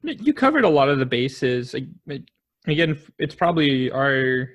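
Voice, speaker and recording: A man's voice: medium pitch, big pitch swings, normal speed. A man co-hosting a casual history podcast, thinking aloud and offering guesses as he talks. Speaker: podcast co-host.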